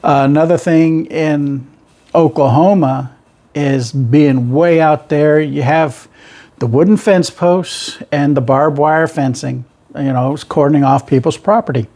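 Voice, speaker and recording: A middle-aged truck driver hosting his channel tells road stories in a loose, folksy ramble, rural Southern twang and all. His higher-leaning voice is warm and steady, moving at a measured pace.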